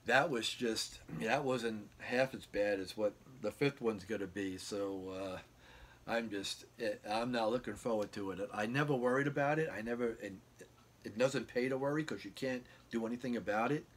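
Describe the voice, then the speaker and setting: A man's voice: fairly low pitch, normal speed. A man casually telling a long rambling story from his bedroom, acting out the quoted dialogue with lots of fillers and restarts. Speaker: guitar vlogger. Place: home bedroom.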